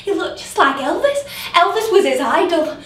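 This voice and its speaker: A woman's voice: very high voice, animated, a bit bright. A woman playing a lonely grown woman, a drunk, who keeps repeating herself in a stage monologue. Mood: bitter. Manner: halting, repeats her words. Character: lonely grown woman, a drunk, waiting for her late dad. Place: theatre stage. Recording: roomy theatre heard from a distance.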